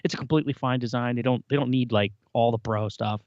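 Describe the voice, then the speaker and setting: A man's voice: medium pitch, steady tone, fast talker, darkish tone, no room sound, muffled recording. Laid-back man reading tech rumors. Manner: easygoing, reads out rumor roundups with many fillers. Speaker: podcast co-host. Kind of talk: casual chat.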